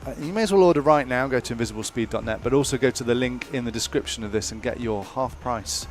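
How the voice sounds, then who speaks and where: A man's voice: medium pitch, fast talker. A man co-commentating a live race broadcast in an easygoing way, also reading sponsor plugs.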